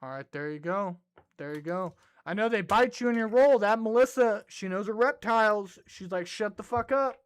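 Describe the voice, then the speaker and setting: A man's voice: high-pitched, moderate pace, smooth. A man hosting a comedy show, telling rambling, profane stories in casual commentary. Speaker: podcast host.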